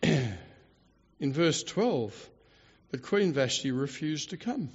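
A man preaching a sermon, animated and theatrical, with mocking asides. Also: on the high side, slow, slightly rough, big-room sound. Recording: dull lo-fi recording.

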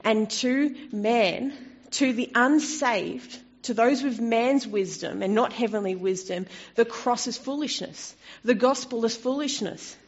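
A woman preaching a sermon in a conversational way, turning expressive when she quotes scripture. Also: on the high side, measured pace, hardly any pauses, breathy edge. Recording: dull lo-fi recording.

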